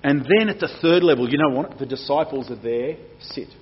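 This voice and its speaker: Husky preacher, dramatic reading. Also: male voice, fairly quick. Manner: acts out quoted lines with strong swings in pitch and loudness. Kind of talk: sermon with dramatic scripture reading. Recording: dull lo-fi sound.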